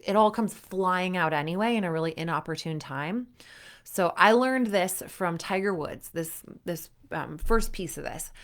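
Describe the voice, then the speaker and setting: A young adult woman coaching athletes in a casual, chatty way, full of fillers and acted-out inner thoughts. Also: fairly low pitch. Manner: chatty, frequent "like" fillers, acts out inner voices. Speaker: performance coach.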